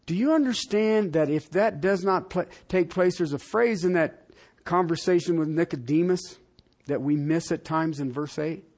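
A man preaching a sermon, asking the congregation direct questions and swinging from loud emphatic lines to quiet ones. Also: on the high side, normal speed. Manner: talks straight to the congregation with rhetorical questions. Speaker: pastor.

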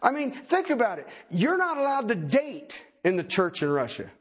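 Man, middle-aged, pastor, sermon, folksy and animated, husky, high-pitched. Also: normal speed. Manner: folksy, animated preaching with asides and humor.

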